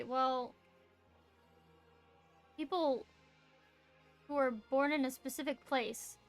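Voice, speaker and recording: Her high, slightly bright voice carries a Southern US accent as she chats casually on a stream while drawing. She thinks out loud and explains things to her chat.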